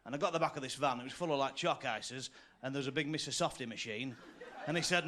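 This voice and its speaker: Deadpan male comic on hissy tape. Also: medium pitch, fast talker. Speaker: stand-up comedian. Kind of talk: stand-up joke telling. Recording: hissy VHS tape recording.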